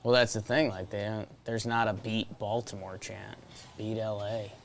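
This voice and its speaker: A man co-hosting a baseball podcast, easygoing and quick to laugh while watching a game. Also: on the low side, flat delivery, slight background noise. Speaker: podcast co-host. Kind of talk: casual chat watching a game.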